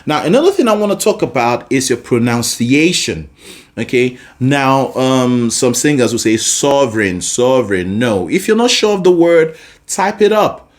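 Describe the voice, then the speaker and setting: A man's voice: mid-range voice, expressive, a little slow. A man teaching a singing lesson, explaining patiently and breaking into sung examples. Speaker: vocal coach.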